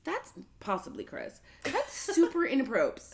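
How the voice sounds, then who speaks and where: A woman's voice: sits high, moderate pace, slight background noise. A woman in her late twenties, co-hosting a casual podcast chat, telling a story with lots of acted-out quotes. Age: 20s. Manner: animated storytelling, acts out quotes. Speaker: podcast co-host.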